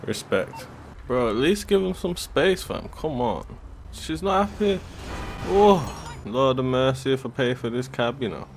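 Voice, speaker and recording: A man, loudly commentating on a game with bursts of shouting and swearing. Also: mid-range voice, big pitch swings, measured pace, a little hiss or hum. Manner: slangy, loud outbursts and swearing. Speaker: gaming video host. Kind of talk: excited gameplay commentary. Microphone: desktop USB microphone. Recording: game music playing under voice. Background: game music and sounds.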